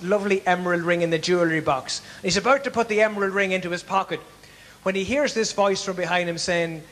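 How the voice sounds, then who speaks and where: A man's voice: high-pitched, a bit bright. A middle-aged man with a Northern Irish accent telling jokes and giving a tribute as compère at a live event, chatty and laughing at his own punchlines. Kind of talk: stage joke-telling and tribute speech. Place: live venue in front of an audience. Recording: echoey hall.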